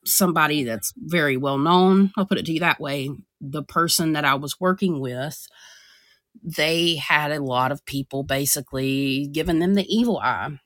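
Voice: mid-range voice, normal speed, fairly bright tone, dry recording, studio quality. A podcast co-host and spiritual practitioner explaining earnestly, often restarting sentences. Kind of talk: casual podcast discussion.

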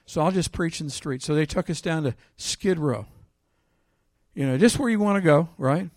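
Animated man preaching a sermon. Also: a little high, moderate pace, dry recording, clean studio sound. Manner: animated, swings between loud emphatic reading and quiet storytelling. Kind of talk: sermon with scripture reading and storytelling.

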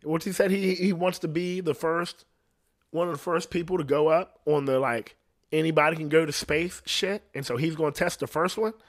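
A man hosting a podcast, ranting in a rambling, profane, comedic way, laughing often and sometimes dropping to a low mutter. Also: normal speed. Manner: drops to a low mutter at times. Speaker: podcast host. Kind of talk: casual comedic rant.

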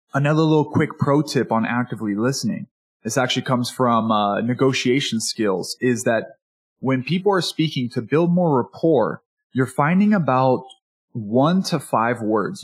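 A man coaching on networking in a casual spoken lesson, acting out quoted people with brisk shifts in pitch. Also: husky.

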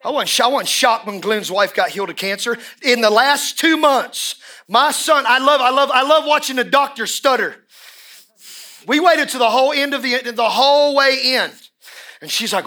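A middle-aged male pastor with a high, bright voice preaches in a church. He drops low and quiet for confiding asides, then builds to loud, shouted climaxes. His delivery swings hard between intimate and thunderous. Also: moderate pace. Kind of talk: sermon. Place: church service in a room.

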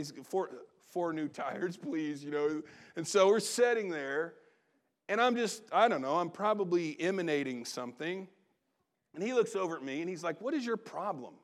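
Middle-aged male pastor with a high voice, telling a story from the pulpit, lively with sudden quiet asides. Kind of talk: sermon storytelling.

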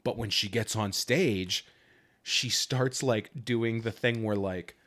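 A man's voice: lowish voice, takes it slowly, a bit bright. A man co-hosting a comedy podcast, chatting casually and acting out mock courtroom speeches. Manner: acts out quotes in mock speeches. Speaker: podcast co-host.

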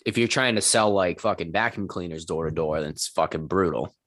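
A man's voice: sits low, fairly quick, fairly bright tone, no room sound, studio quality. A man who owns a gym, chatting casually and telling profane stories in which he acts out the people in them. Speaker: gym owner and trainer. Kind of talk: casual chat.

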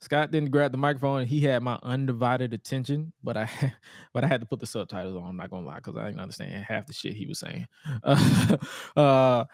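This co-host has a medium-pitched voice and talks a little fast as he and his partner chat casually about old wrestling shows, animatedly performing the wrestlers' lines in silly voices. The sound is dry and studio quality.

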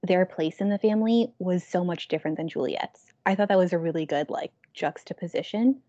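A woman's voice: lowish voice, fairly quick, dark tone, dry recording. Young woman, casual book chat, filler-heavy; dry, dull-sounding recording. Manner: chatty, heavy use of filler "like". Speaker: book club member.

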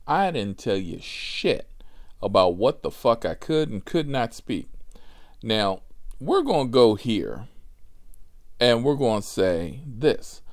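Man, storytelling, profane, lively pitch, slow delivery. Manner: profane, animated, laughing asides. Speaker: rideshare driver. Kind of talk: personal storytelling monologue.

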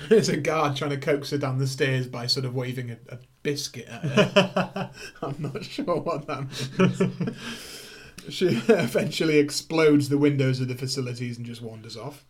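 A man's voice: medium pitch, moderate pace, slightly rough. A man co-hosting a casual film review chat, rambling, laughing often and swearing freely.

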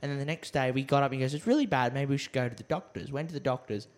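A man's voice: mid-range voice, rapid-fire. A man with an Australian accent, co-hosting a podcast, retelling a story in casual chat and acting out the quoted lines. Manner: animated storyteller, acts out quotes. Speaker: podcast co-host.

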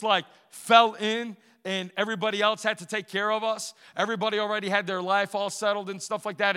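A man's voice: high voice, sharp tone, clean tone, in a large hall. A man from Portugal telling a personal testimony in a sermon, moving from easy storytelling to emphatic preaching.

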